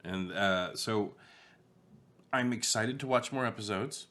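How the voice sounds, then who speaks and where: A man co-hosting a podcast in casual chat, his voice on the lower side. He talks in a dry, wry way and now and then makes playful gun noises. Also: slow pace, fairly bright tone. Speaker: podcast co-host.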